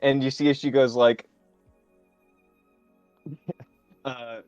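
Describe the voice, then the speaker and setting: Male game master, mid-pitched, halting improvised narration over dull, dry lo-fi stream audio. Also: steady tone, a little mellow, clean tone, dry recording, soft background music.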